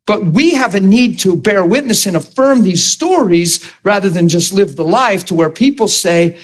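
Guy preaching to a class, kinda high voice, keeps asking if you follow him. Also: lively intonation, moderate pace. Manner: emphatic, with rhetorical questions to the listeners. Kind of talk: sermon-style teaching.

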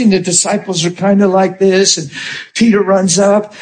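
A man preaching a sermon with impassioned storytelling, acting out scenes and often shouting. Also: sits high, flat delivery, moderate pace.

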